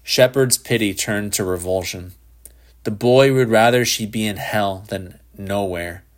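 A man reading a literary short story aloud in a measured, even narration. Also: on the low side. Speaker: audiobook narrator.

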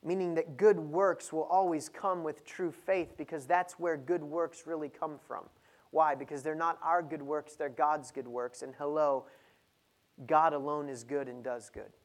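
A man preaching a sermon, moving from low, measured reading to loud, emphatic stretches. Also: fairly even intonation.

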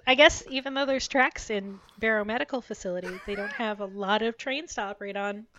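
A woman co-hosting a podcast, reading a story aloud with lively expression and joking banter. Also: mid-range voice, fairly quick. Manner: expressive, giggly.

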